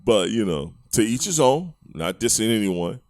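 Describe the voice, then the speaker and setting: Slangy laughing man, lively low voice. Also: moderate pace, no echo, clean studio sound. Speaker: podcast co-host. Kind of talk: casual chat.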